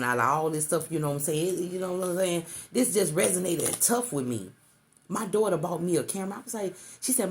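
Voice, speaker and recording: A woman's voice: lowish voice, a little fast. A middle-aged woman doing an intuitive tarot reading to the viewer, repeating herself and calling the listener baby. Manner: repetitive, coaxing, calls listener baby. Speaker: tarot reader.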